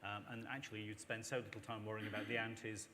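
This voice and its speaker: A man's voice: on the low side, fast. Persuasive man speaking in a hall. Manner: emphatic, persuasive, animated with mock voices. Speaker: panel speaker. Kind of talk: panel discussion. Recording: long reverb in a hall, faint noise.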